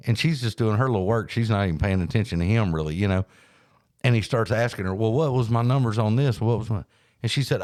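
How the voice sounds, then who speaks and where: A man, hosting a podcast and telling a story in a folksy, animated way. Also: lowish voice, fast talker, no echo, clean studio sound. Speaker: podcast host. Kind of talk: casual storytelling chat.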